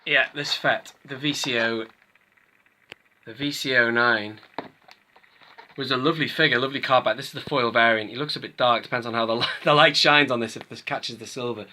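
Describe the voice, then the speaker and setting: A man with a strikingly bright, forward tone talks casually to camera as he reviews collectible figures. He rambles, doubles back and corrects himself as he goes, in an easygoing, conversational manner. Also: mid-range voice, fairly even intonation, a little fast, a little hiss or hum. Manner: rambling, chatty, self-interrupting. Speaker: toy collector channel host.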